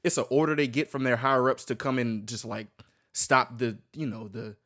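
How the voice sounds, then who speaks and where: A man's voice: mid-range voice, steady tone, normal speed, fairly bright tone. A man giving loose, rambling reaction commentary with lots of restarts and casual swearing. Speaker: reaction streamer.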